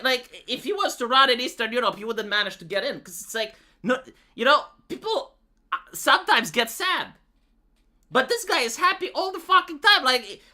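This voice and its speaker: A man's voice: very high voice, pushed and bright. A man from Romania, live streaming a rambling, profane, sarcastic political rant.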